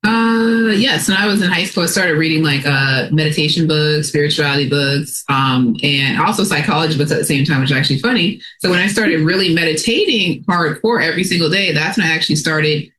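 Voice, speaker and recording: Bright animated woman telling stories. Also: deep voice, brisk, few pauses, a little hiss or hum. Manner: animated storyteller, lots of fillers. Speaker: psychic guest. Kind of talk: casual interview storytelling.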